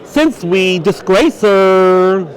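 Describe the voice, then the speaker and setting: A man's voice: sits high, lively intonation, extremely slow. A man, a rabbi, teaching Jewish law in a yeshiva lecture. He asks questions and answers them himself, and he mixes Hebrew and Yiddish terms into his English.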